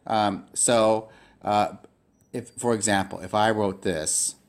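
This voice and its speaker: Guy teaching a class, lowish voice, lots of um and uh and restarts. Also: steady tone, smooth. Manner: halting, with many fillers and restarts. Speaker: Greek teacher. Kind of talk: recorded lecture.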